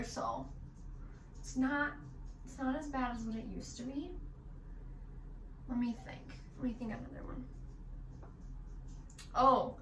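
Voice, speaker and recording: A young woman with a Michigan accent telling stories about her son in a casual, animated way, swearing now and then. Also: fairly high pitch, a little hiss or hum. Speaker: mom vlogger. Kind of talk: casual storytelling while getting ready. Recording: echoey room from a distance.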